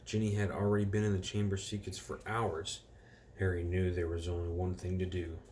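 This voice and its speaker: A man reading a storybook aloud to children in a relaxed way, stopping now and then to correct himself and reread. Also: low voice, a little fast, a little hiss or hum.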